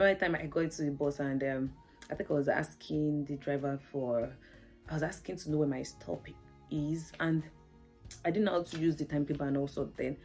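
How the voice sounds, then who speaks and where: A woman's voice: sits low, fairly even intonation, fairly quick, darkish tone, soft background music. A Nigerian woman vlogging in a casual, chatty, storytelling way, laughing often and saying "like" a lot. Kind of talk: casual chat to camera.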